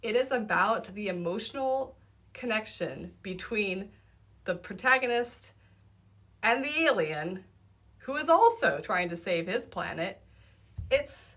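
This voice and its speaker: A woman's voice: medium pitch, animated, a little slow, pauses often, a bit bright. Gushing woman reviewing books. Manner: enthusiastic and gushing, repeats herself for emphasis. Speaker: book vlogger and author. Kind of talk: casual book review vlog.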